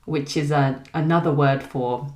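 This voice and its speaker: British woman, southern english accent, pronunciation teacher, low voice, clear deliberate delivery, echoey room. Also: steady tone, darkish tone. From Britain. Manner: clear, deliberate, contrasts words slowly. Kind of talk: scripted pronunciation lesson.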